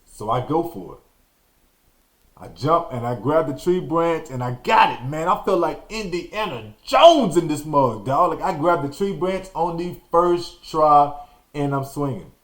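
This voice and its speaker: A man from Texas hosting a podcast, telling a story in an animated, slangy way and acting out the scenes. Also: on the high side, unhurried. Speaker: podcast host. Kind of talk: storytelling monologue.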